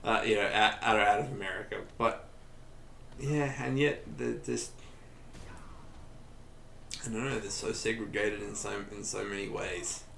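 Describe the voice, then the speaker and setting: A young man chatting casually over a let's play, telling stories in a rambling, animated way. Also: lowish voice, unhurried, gravelly, long pauses, slight background noise. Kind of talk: casual gaming chat. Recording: echoey room.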